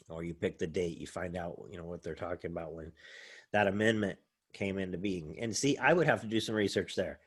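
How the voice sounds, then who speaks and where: In a casual recorded lecture, a college English professor shares his screen and thinks aloud, rambling and using plenty of fillers. His deep voice is slightly rough and a little fast.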